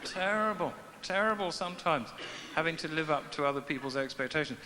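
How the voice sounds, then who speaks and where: Heavy background noise surrounds a middle-aged man whose fairly high voice moves a little fast with lively intonation. As a comic speaker at a large festival venue, he gives a dry, self-mocking talk into a stage microphone before a live audience, in an echoey hall with faint ambience.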